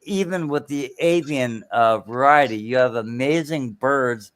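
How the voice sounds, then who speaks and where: A man tells a loose anecdote in casual podcast chat, circling back with plenty of fillers and restarts. His voice is smooth and resonant, at a middle pitch. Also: unhurried, fairly bright tone. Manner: rambling, many fillers and restarts, storytelling.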